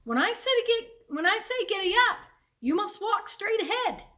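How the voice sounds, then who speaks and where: A woman voicing an eager young farm boy who calls out loudly to his calves. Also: very animated, moderate pace, far from the mic, heavily acted. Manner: loud, high-pitched calls.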